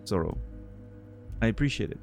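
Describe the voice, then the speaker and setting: A man's voice: normal speed, darkish tone, faint music behind. A man streaming live, chatting casually with his viewers and thanking them, on a studio condenser microphone.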